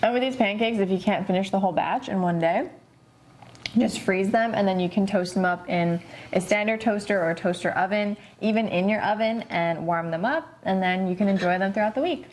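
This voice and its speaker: A woman's voice: mid-range voice, a little fast, a little mellow. A woman hosting a cooking vlog, chatting upbeat and casual as she walks through a recipe in a home kitchen. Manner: upbeat, chatty, says "super" and "so good" a lot.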